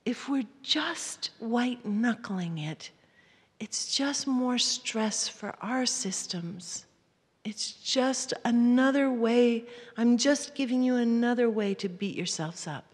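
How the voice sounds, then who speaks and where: Woman workshop speaker, gentle, soft near-whispers, husky tone, echoing hall. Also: fairly high pitch, animated, slow. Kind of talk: live talk to an audience. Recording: hall reverb.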